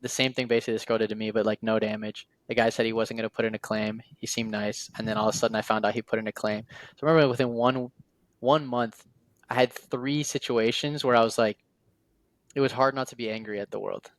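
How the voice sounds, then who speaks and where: A man's voice: fairly low pitch, steady tone, fast talker, no echo. A man talking in a casual podcast conversation as the series guest, telling stories with lots of "like" fillers and quoted dialogue.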